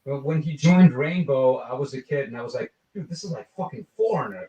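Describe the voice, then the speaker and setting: A man's voice: medium pitch, fairly quick, hardly any pauses, dark tone, reverberant, far from the mic, a little hiss or hum, poor audio. A man telling rambling, profane anecdotes in a casual podcast chat.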